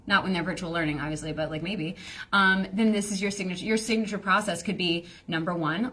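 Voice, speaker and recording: Woman coach, chatty live-stream teacher, mid pitch, faint hiss behind. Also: fairly bright tone. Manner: chatty, rambling, lots of fillers and playful voices. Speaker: business coach.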